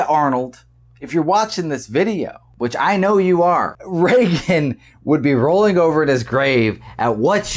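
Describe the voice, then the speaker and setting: A man hosting a casual commentary vlog, animated and often repeating words as he argues his point. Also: on the high side. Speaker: vlog host.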